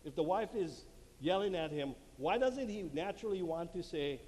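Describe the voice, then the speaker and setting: A high, slightly mellow male voice with lively intonation moves at normal speed through a marriage conference talk. Before an audience in a church hall, he acts out short quotes and laughs at his own jokes, keeping it lively. The handheld mic recording has long hall reverb and faint room noise.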